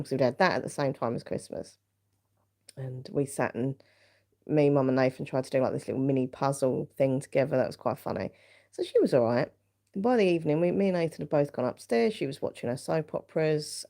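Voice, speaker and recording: Woman just chatting away on a stream, low gravelly voice, lots of ums and likes. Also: mellow. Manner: rambling, chatty storytelling with many fillers. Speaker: vlogger hosting a live stream. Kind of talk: casual chat.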